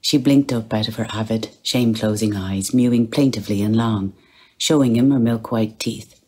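A woman with an Irish accent reading literary prose aloud, unhurried, slipping into a hushed whisper for the character's thoughts. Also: very deep voice, breathy edge. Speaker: audiobook reader.

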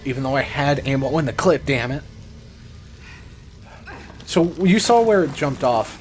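A young man gives rambling, excitable let's play commentary and swears now and then. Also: medium pitch, moderate pace, long pauses. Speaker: gamer. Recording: noisy background ambience.

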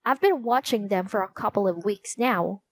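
A woman's voice: mid-range voice, normal speed, close to an everyday voice. A woman voicing an earnest young boy who loves watching falcons.

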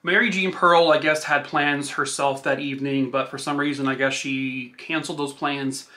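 A man's voice: mid-range voice, steady tone, moderate pace, bright, forceful tone. A male true crime podcast host retelling a case in a loose, casual way, using filler words like "like" and "I guess".

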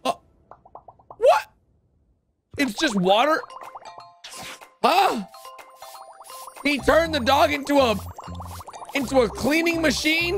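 A young man doing excitable reaction commentary as a channel host, his voice sitting high and swinging wildly between shouts and mutters. He exclaims constantly and talks straight to his viewers, with faint music playing underneath. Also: slow, pauses often. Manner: animated, exclaiming, calls viewers bro.

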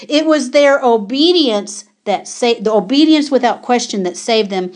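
A woman preacher delivers an urgent warning sermon, firing off repeated commands and pointed rhetorical questions at her listeners. Her voice sits a little high for a woman. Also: lively intonation, normal speed, few pauses.

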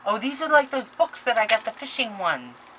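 A woman's voice: on the high side, normal speed, slight background noise. Gushing woman opening mail on camera. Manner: gushing, excitable, talks to viewers and senders directly. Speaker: crafting vlogger. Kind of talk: casual unboxing chat to camera.

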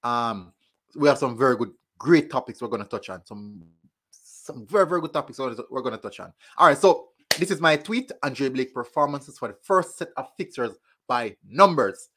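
A man's voice: mid-range voice, expressive, moderate pace, pushed and bright. A man hosting his own football fan channel, chatting casually, laughing at himself and repeating phrases as he tests his desk mic. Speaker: sports channel host. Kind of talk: casual football video commentary. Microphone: desk mic being tested.

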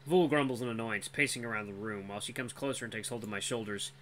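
Storyteller, first-person fantasy narration, casual, expressive, bright tone. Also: mid-range voice, fast talker, hardly any pauses. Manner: casual, expressive reading with self-corrections. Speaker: storyteller, channel host.

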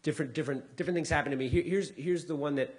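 A man's voice: fairly high pitch, very fast. A middle-aged comedian giving a talk, telling stories and acting out the voices of people he quotes, often repeating words as he restarts. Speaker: comedian speaking to a society. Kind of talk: storytelling talk with acted quotes.

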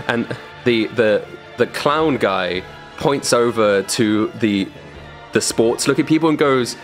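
A man's voice: lowish voice, slow pace, soft background music. A man narrating as game master of a tabletop role-playing game. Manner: animated storytelling.

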